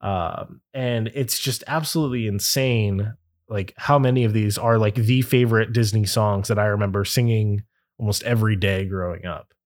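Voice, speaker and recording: A man's voice: on the low side, fairly even intonation, moderate pace. A young adult man hosting a podcast in casual chat, rambling with many fillers and laughing easily. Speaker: podcast host.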